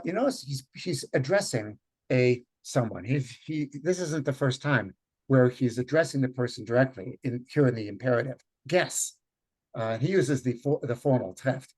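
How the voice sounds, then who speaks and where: A man runs a group reading over a video call. He speaks in a thoughtful, halting way and stops often to find the right word. His voice sits at an ordinary male pitch. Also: a little mellow. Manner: thoughtful, halting, with many fillers. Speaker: Yiddish teacher leading a group reading. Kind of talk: online lecture and read-aloud.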